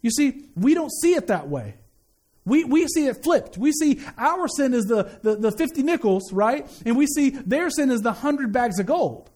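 A man preaching a sermon in an animated, conversational way, mixing scripture with slangy asides and quick repetitions. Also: very high voice.

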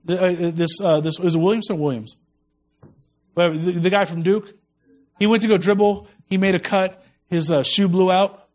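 A man preaching a humorous sermon, telling animated stories with lots of repeated words and stammers. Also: high voice, normal speed. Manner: jokey and conversational. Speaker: pastor.

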